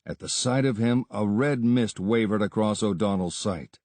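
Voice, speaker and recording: A man's voice: on the low side, no room sound. Man narrating an adventure audiobook. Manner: steady, measured storytelling. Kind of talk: scripted narration.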